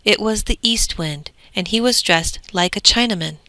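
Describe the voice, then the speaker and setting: A woman narrating a fairy tale in a clear, measured way. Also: mid-range voice, pushed and bright, dry recording.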